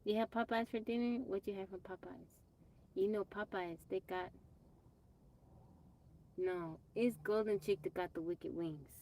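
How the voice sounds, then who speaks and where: A woman's voice: medium pitch, fairly even intonation, a little slow, long pauses, dark tone. A woman from Texas hosting a casual livestream on her phone, chatting with viewers, greeting them by name and brushing off trolls plainly. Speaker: livestream host. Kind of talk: casual live-stream chat. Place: off-grid home.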